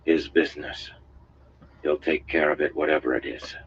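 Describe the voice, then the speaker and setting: A narrator doing a grim, muttering young leader. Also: male voice, a bass voice, fairly even intonation, normal speed, a bit bright, muffled recording, slight background noise. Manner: thick, muttering.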